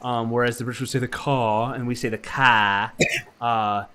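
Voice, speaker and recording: A man's voice: medium pitch, little pitch movement, fast, fairly bright tone. Rambling man chatting on a podcast. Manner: rambling, many fillers and restarts, laughs easily. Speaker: podcast co-host. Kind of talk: casual group chat.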